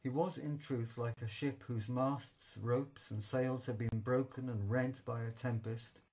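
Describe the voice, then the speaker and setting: Male audiobook narrator, measured literary delivery, middle pitch. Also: fairly even intonation, darkish tone, rough recording. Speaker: audiobook reader. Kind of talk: scripted narration.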